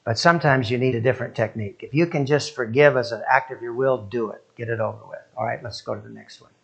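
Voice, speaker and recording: An older man delivers a sermon, telling stories and leading prayer as he shifts between soft, hushed stretches and loud, emphatic ones. His voice sits at a medium pitch, moves at a quick pace, and sounds creaky and husky.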